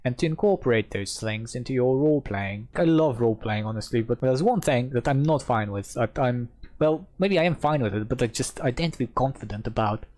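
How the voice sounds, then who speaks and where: Brief: male host, mid-pitched, reads rule text steadily, chats between passages. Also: animated, a little fast, darkish tone. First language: Polish. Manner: reads rule text steadily, then gives loose, self-doubting asides. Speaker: host reading a game rulebook aloud. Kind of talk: rulebook readalong with commentary.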